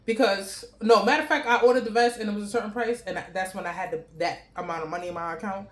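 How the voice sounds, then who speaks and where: A woman vlogger telling a story to camera in a blunt, profane, animated way, chewing and laughing between lines. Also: medium pitch, fast talker. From New York City.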